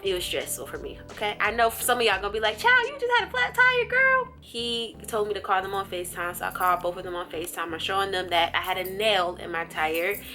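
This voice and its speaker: A woman vlogging casually, telling a story from her day and acting out her own thoughts in a lively way. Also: fast, hardly any pauses, soft background music. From USA. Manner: animated, jumps high in pitch when acting out her own thoughts.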